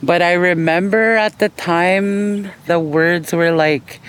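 Interviewee: middle-aged woman from Canada, halting and unhurried, faint hiss behind her. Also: on the low side, steady tone, rough recording. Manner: hesitant, full of fillers and restarts. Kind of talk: reflective documentary interview.

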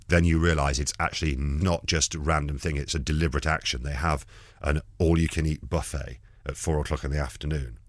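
A man's voice: a bass voice, no room sound, studio quality. A man, a comedian guest, telling rambling stories in an interview and acting out the quoted lines. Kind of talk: anecdotal interview chat.

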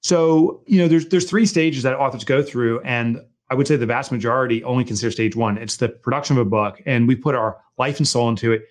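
A man's voice: mid-range voice, a little fast, few pauses. A middle-aged man, an author and guest, telling stories in casual conversation and joking as he mimics people. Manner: animated storyteller, jokey, mimics people.

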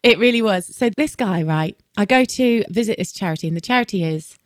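A woman's voice: mid-range voice, expressive, brisk, noisy background. A woman hosting a casual interview, telling stories animatedly and acting out the people she quotes. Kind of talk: casual interview chat and storytelling.

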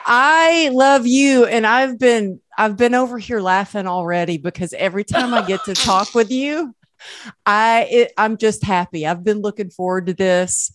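A middle-aged woman with a Southern US accent, a guest telling her story in an effusive, warm way. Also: mid-range voice, moderate pace. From American South. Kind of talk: casual interview talk.

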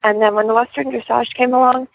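A woman's voice: a little high, steady tone, fast talker, creaky, dry recording. Teen girl calling in from school library, polite and a bit hesitant, tinny phone sound. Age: teenager. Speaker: guest calling in. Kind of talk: phone interview.

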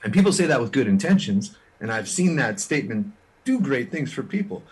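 A Canadian musician, interviewed as a guest, tells his story earnestly and frankly, with quick restarts. His mid-range voice is husky and very animated.

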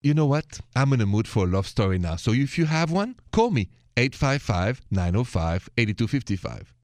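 A French-accented man hosting a call-in radio show in a dry, close studio sound. His pitch sits mid-range for a man, and he talks in a playful way, sprinkling in French greetings as he speaks. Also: very animated, moderate pace, a little mellow, dry recording. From Paris. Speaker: radio host.

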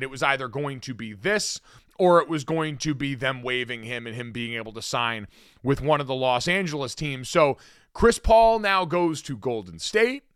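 A man's voice: mid-range voice, a bit bright, smooth, dry recording, clean studio sound. A man hosting a sports podcast, chatting casually and steering the talk between topics. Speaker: podcast host.

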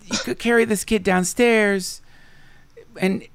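A man's voice: sits high, fairly even intonation, slow, vocal fry, a bit bright, smooth. A man talking casually as a podcast guest, swearing freely and swinging his voice up and down as he voices his own thoughts.

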